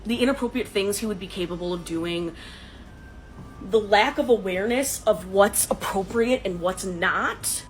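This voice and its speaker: A woman's voice: medium pitch, moderate pace, faint music behind, low-quality recording. A young woman telling a dating story to her phone camera in a casual, dramatic, sarcastic way. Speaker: dating content creator.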